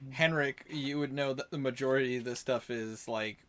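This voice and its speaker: A game master chatting casually over a voice call, animated, rambling and laughing often. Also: mid-range voice, moderate pace.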